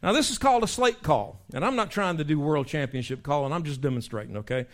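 Male pastor, lively folksy sermon delivery, voice sits a bit high. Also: quick pace. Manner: animated, imitates animal calls and voices.

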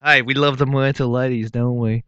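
A man's voice: mid-range voice, steady tone, normal speed, sharp tone, clean tone, no room sound, muffled recording. A man co-hosting a radio show from a studio, crude and playful, swearing freely as he plugs sponsors. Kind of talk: casual radio banter and sponsor reads.

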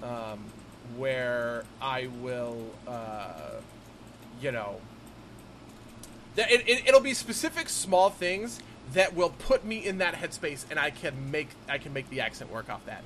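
A young man co-hosting a casual podcast about role-playing games, animated and quick to laugh. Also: medium pitch, a little hiss or hum, poor audio. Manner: animated, laughs often, lots of fillers. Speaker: podcast co-host.

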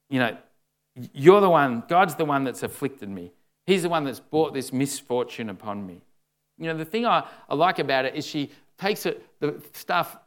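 A man's voice: on the high side, fairly bright tone. A man preaching a sermon in a conversational way, often saying "you know" and acting out the lines he quotes.

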